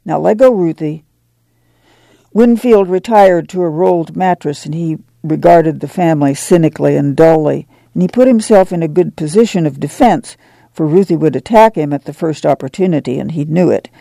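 A man narrating a novel as an audiobook, in a measured, unhurried way. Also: fairly high pitch, creaky, dark tone, dry recording. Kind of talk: scripted narration.

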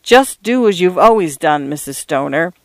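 A man's voice: high-pitched, moderate pace, no room sound. A man voicing a dry, bleak older parish priest in a read-aloud story.

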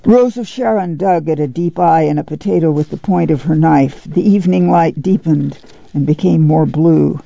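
Gravelly man reading a novel aloud. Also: on the high side, no room sound. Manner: measured, steady reading. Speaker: audiobook reader. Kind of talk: literary audiobook narration on radio. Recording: dull dry lo-fi studio read.

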